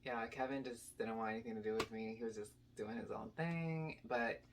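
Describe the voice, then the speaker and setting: A young woman telling a casual storytime to her channel, animated and rambling with lots of "like" and "basically". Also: extremely low pitch, normal speed, noisy background. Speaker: YouTube storyteller.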